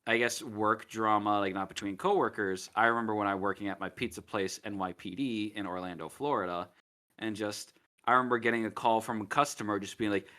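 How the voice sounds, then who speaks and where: A man's voice: on the low side, steady tone, brisk, bright, forceful tone. A man in his twenties co-hosting a podcast, telling rambling work anecdotes in casual chat. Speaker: podcast co-host.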